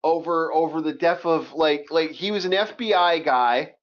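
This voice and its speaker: A man co-hosting a casual movie review chat, animated and swearing a lot as he repeats himself. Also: a little high, moderate pace. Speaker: co-host of a movie review show. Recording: dull lo-fi sound.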